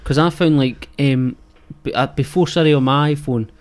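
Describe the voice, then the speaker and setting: A man on a podcast speaks at a middling pitch in an easygoing way. He mostly chips in with brief agreeing replies and now and then swears casually. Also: steady tone, normal speed. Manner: laid-back, short agreeing replies, swears. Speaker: podcast co-host. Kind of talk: casual chat.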